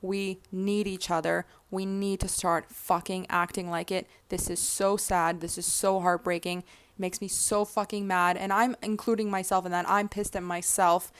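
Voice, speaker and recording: A woman's voice: fairly low pitch, level tone, normal speed. Earnest young woman speaking emphatically. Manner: earnest and emphatic, swears freely, turns tearful. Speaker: vlogger. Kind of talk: casual reflective monologue.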